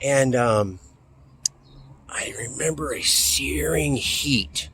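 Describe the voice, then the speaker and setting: A man in his forties from California, telling a personal story in a halting, emphatic way that sometimes drops to a near whisper. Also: mid-range voice, creaky. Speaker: political activist. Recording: outdoor traffic noise.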